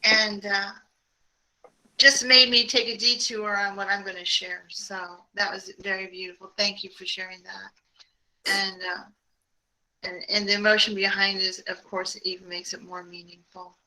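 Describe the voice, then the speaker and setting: A woman hosts an online poetry open mic, thanking one reader and introducing the next in a casual, affectionate way. Her voice is very bright and sharp. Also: medium pitch, flat delivery, moderate pace, low-quality recording. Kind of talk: casual hosting. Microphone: video call.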